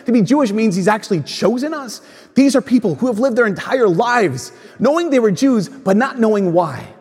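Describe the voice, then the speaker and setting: A man's voice: high-pitched, expressive, a little fast, a little mellow, husky. A man giving a casual, conversational sermon, telling stories and acting out what people said. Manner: conversational storytelling, acts out quoted voices. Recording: long church reverb.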